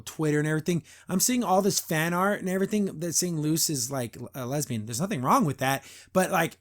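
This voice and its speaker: Male podcast host, slightly high voice, loose and opinionated reaction commentary with lots of restarts. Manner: rambling, opinionated, restarts and fillers; mimics characters when retelling scenes. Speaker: podcast host reviewing a cartoon.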